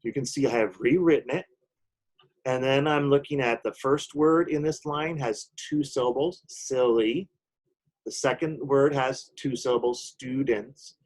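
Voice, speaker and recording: A man's voice: medium pitch, a little mellow, low-quality recording. A man teaching a recorded poetry lesson, explaining step by step and checking in often with "okay?".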